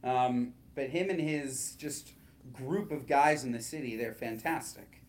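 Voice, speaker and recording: A man's voice: mid-range voice, unhurried, slight background noise. A man co-hosting a casual podcast, chatty and full of playful follow-up questions. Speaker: podcast co-host. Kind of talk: casual chat.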